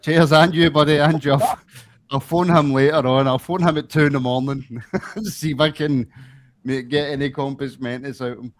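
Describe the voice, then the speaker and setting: A man's voice: medium pitch, steady tone, normal speed, no room sound. A man hosting a football podcast, chatty and jokey, often repeating words. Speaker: podcast host. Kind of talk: casual podcast chat.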